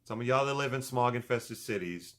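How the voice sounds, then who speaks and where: A middle-aged man giving casual motivational advice in a video blog, animated and profane, swinging from loud emphasis to low muttering. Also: fairly quick. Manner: profane, joking. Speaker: video blogger.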